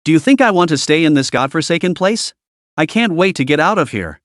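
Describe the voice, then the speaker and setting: A man plays a heated, distrustful laborer in a storybook drama, with a raised voice and a combative, bitter way of speaking. His pitch swings widely, and the recording is close and dry. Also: expressive, fairly quick, no echo, close to an everyday voice. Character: agitated distrustful male laborer.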